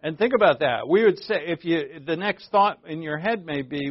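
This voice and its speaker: A man preaching a conversational sermon, earnest, asking rhetorical questions and shifting from emphatic to hushed. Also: fairly high pitch, expressive, normal speed, hardly any pauses, no room sound, lo-fi sound. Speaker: pastor.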